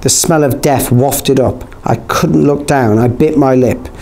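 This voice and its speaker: A man narrating an audiobook in a steady, measured reading. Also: medium pitch, creaky. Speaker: audiobook reader. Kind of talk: scripted narration.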